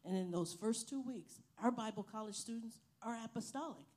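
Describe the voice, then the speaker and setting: A woman preaching a sermon, telling a story slowly and building to loud, emphatic praise. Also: on the high side. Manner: slow, emphatic preaching that swells to loud hallelujahs. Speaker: missionary preacher and Bible college teacher.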